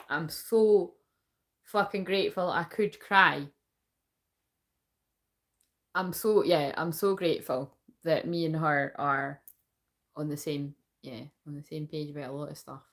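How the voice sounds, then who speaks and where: Rambling, sweary woman reading tarot. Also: lowish voice. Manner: rambling, swears freely, laughs often. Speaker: tarot reader. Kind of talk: casual live tarot reading.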